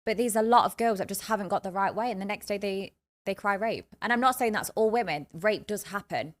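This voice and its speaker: A woman's voice: mid-range voice, a little fast. A woman speaking bluntly and candidly as a podcast guest. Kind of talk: debate on a podcast.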